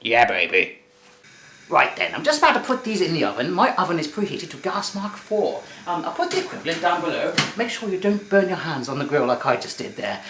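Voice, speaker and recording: Male cooking host, lively sing-song delivery, goofy rambling asides. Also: a little high, quick pace, hardly any pauses, a little hiss or hum. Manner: jokey, rambling, self-correcting asides. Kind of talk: comic in-character cooking demo.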